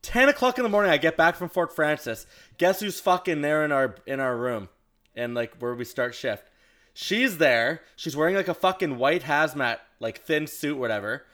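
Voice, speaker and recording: A young man talks on a casual podcast, his voice sitting a bit high for a man. He tells his story with animated energy and swears freely along the way. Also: normal speed. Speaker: podcast host. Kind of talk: casual chat.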